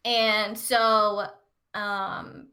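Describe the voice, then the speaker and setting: A young woman co-hosting a podcast, recapping a movie in casual chat and acting out the characters' lines in quick put-on voices. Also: mid-range voice, little pitch movement, sharp tone. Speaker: podcast co-host.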